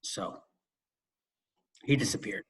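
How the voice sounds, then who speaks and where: A man co-hosting a podcast, telling a school story in a casual chat, with quick asides and laughing at himself. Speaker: podcast co-host and former school administrator.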